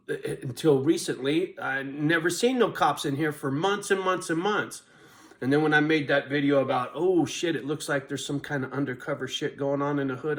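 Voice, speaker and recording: A middle-aged man telling a rambling story in casual vlog style, swearing constantly and laughing at himself. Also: mid-range voice. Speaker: vlogger.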